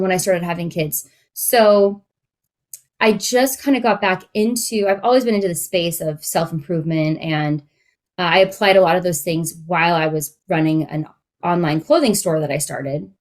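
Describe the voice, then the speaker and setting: A woman's voice: on the low side, normal speed. Chatty woman life coach, late thirties. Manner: chatty and candid, many fillers. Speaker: podcast co-host and life coach. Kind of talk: casual podcast chat.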